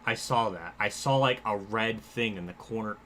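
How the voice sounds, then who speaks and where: A man's voice: fairly low pitch, moderate pace, fairly bright tone, slight background noise. A young man streaming a racing game live, casually thinking aloud about his race as he drives. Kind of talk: live gameplay commentary.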